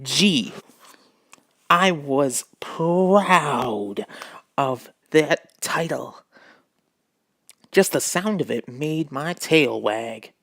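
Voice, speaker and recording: A man's voice: fairly high pitch, lively intonation, extremely slow, vocal fry, a bit bright, no echo, studio quality. A man reading a children's book aloud at home, putting on a drawl for the dog narrator and breaking off to mock the text. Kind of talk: reading aloud with joking asides.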